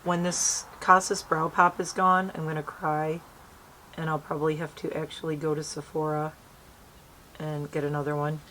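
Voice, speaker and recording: A bubbly woman with a slightly low voice talks her viewers through a makeup routine while sitting outdoors. She rambles in a friendly, chatty way about what she is using as she goes. A faint hum of the open air sits behind her. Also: flat delivery, normal speed, bright, forceful tone. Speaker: beauty vlogger. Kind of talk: casual makeup tutorial chat. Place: outdoors, breezy natural light.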